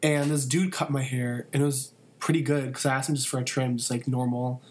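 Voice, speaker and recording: A man's voice: medium pitch, level tone, a little fast. Rambling young man telling crude stories. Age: young adult. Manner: rambling storytelling with many fillers and crude jokes. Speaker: college student and photography intern. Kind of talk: casual podcast chat.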